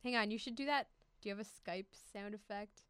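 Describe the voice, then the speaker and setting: A woman co-hosting a radio show in a studio booth, chatting playfully with quick exclamations. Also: medium pitch, fairly bright tone, smooth, no echo. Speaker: co-host. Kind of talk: casual studio chat.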